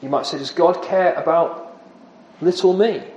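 A man's voice: fairly high pitch, a little slow, a little mellow, echoey room, low-quality recording. A man preaching an earnest expository sermon, often dropping his voice for emphasis.

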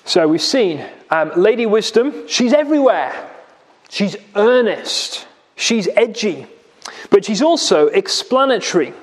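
A man's voice: high-pitched, sing-song, unhurried, big-room sound. A man preaching a sermon in a church, explaining a passage with rhetorical questions and vivid retelling.

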